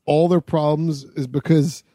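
A man with a slightly high voice gets worked up and swears as he walks through film scenes. The sound is dry and close to the mic. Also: measured pace, no room sound. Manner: excitable, swears, retells scenes. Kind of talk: casual movie chat.

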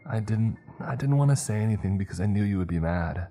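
A man's voice: fairly low pitch, animated, quick pace, warm tone, faint music behind, pitched above the performer's own voice. A man voicing an anxious teenage boy who pleads and insists through tears in a spoken horror story. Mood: tearful pleading.

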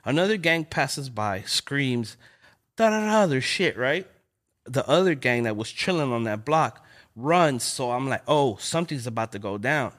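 A man's voice: mid-range voice, measured pace. A young man from Los Angeles telling street stories in casual chat, acting out voices as he goes. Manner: animated, acts out voices in stories. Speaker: guest. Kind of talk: casual storytelling.

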